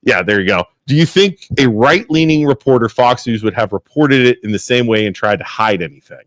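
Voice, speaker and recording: A man co-hosting a local talk show, telling stories in an animated way and laughing often. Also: mid-range voice, brisk, no echo. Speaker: co-host. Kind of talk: casual radio talk show chat.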